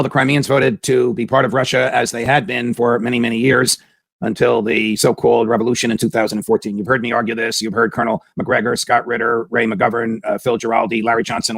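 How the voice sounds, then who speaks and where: A man's voice: medium pitch, a bit bright, slightly rough, no echo. A man hosting a political commentary show, giving an emphatic opinion monologue full of hammering rhetorical questions.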